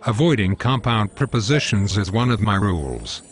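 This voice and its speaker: Male tts voice as a plain-spoken writing coach, lowish voice, matter of fact. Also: sing-song, moderate pace, faint music behind.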